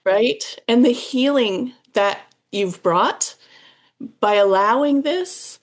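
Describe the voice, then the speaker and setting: A woman guest with a slightly high voice speaks slowly and effusively. She laughs often as she gives heartfelt thanks. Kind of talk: casual chat.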